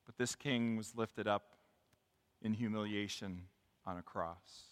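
A male pastor preaching a sermon, building to loud, emphatic calls and leading his congregation in call and response. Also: on the low side, fairly even intonation, a little slow, long reverb tail. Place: church sanctuary.

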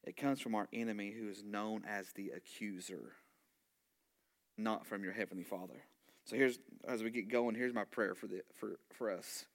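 A man, a pastor telling a story in a sermon, animated and conversational, full of asides. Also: lowish voice, moderate pace.

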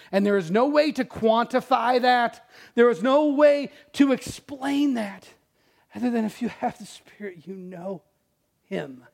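Middle-aged guy preaching, high raspy-fry voice, big loud bits then drops almost to a whisper. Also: lively intonation, measured pace. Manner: storytelling, dramatic swings from loud to hushed. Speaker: pastor. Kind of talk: sermon with a personal story.

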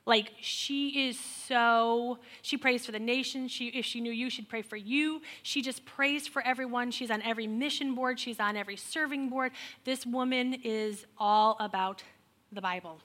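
A woman in her forties shares a personal faith testimony with an audience, turning it into humorous storytelling. Her voice is bright and fairly high, and her delivery is animated and exasperated as she slips into the voices of the people in her story. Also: normal speed. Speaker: speaker sharing a personal testimony.

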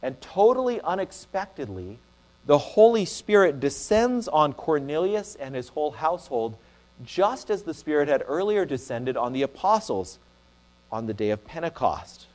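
A man preaching a sermon in an earnest, measured way, sometimes restarting a phrase. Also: fairly high pitch, very animated, a little mellow. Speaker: pastor.

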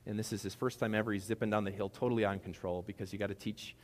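A man with a fairly low voice preaches a sermon in a church, his words ringing out with a long hall echo. He talks to the congregation in a casual, animated way, slipping into asides as he goes. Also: racing. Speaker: pastor.

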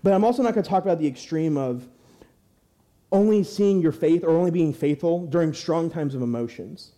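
A young man preaching in church, his voice mellow and a little high for a man. He speaks conversationally, repeating words and putting rhetorical questions to the congregation. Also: brisk. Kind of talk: sermon.

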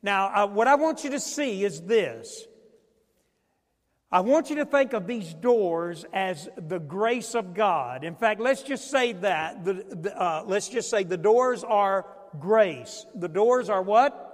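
Pastor, male, high voice, call-and-response sermon delivery, church reverb. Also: animated, slow pace. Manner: call-and-response preaching, repeats phrases. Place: church sanctuary.

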